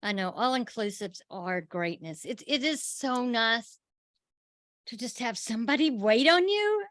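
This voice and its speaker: A woman's voice: on the high side, expressive, measured pace, fairly bright tone, no room sound, studio quality. A woman co-hosting a podcast over a video call, chatting playfully and laughing often. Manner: giggly, playful, frequent laughter. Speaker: podcast co-host. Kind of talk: casual chat.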